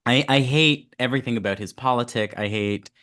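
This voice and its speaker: A man's voice: medium pitch, fairly quick, fairly bright tone. A man chatting on a podcast, thoughtful and wry, often laughing as he talks. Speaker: podcast co-host. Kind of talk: casual chat.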